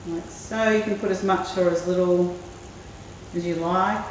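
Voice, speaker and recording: A woman hosting a cooking show, chatting in a relaxed way and thinking aloud as she works. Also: lowish voice, a little slow. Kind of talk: casual cooking demonstration. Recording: very echoey room, mic far off, faint noise.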